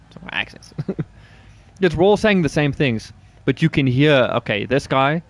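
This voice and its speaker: Male gaming streamer, mid-pitched, casual and crude, rambling commentary, faint game sound behind. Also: slight background noise. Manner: rambling, jokey, crude humor.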